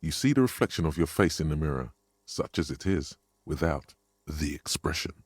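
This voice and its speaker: An actor voicing a grave male narrator inside a detective's head in a video game, speaking slowly and solemnly. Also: very deep voice, lively intonation, dry recording. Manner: slow, solemn, descriptive.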